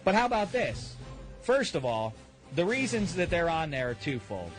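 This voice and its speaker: A man hosting a radio show, telling exasperated comic stories and shouting the punchlines. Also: a little high, sing-song, normal speed, soft background music. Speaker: radio host. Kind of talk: comedic radio rant. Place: Los Angeles.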